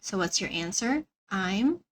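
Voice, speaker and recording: A woman teaching a beginner English lesson, slowly and carefully repeating words for learners. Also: mid-range voice, lively intonation, rough recording.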